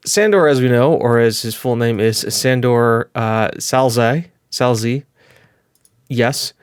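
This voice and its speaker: A young man chats through his game like he is catching up with regular viewers, wandering between thoughts and fixing his slips as he goes. His pitch sits in the middle range for a man. The recording is dry and close, with no room around the voice. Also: slow, clear, resonant tone, dry recording. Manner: chatty, rambling, with fillers and self-corrections. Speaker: gaming video host. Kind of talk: casual gameplay commentary.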